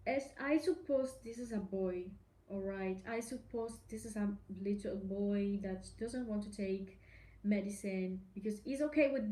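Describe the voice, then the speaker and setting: A woman's voice: mid-range voice, dark tone. A woman hosting a solo podcast, talking in an indignant, emphatic way, swearing freely and repeating herself. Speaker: podcast host.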